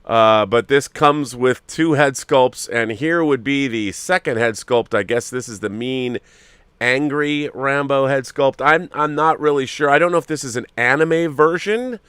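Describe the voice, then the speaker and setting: Guy hosting a toy chat show, smooth clear voice, dry close sound, lots of uhs. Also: medium pitch, a little slow, a bit bright, no echo. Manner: musing, hesitant, lots of fillers. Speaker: host. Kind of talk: casual chat reviewing collectible figures.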